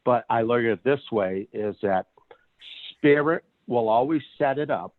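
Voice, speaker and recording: Heard through a dry, tinny phone connection without room sound, a male psychic medium talks at medium pitch and a measured pace. As a podcast guest, he animatedly tells stories in a casual chat, often starting over and laughing.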